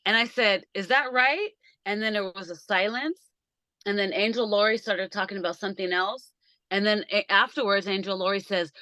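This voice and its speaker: A woman's voice: medium pitch, normal speed, no room sound. A woman hosting a casual video-call conversation from a small backyard shed, telling stories animatedly and acting out the voices in them. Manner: animated storyteller, acts out quoted voices. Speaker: podcast host.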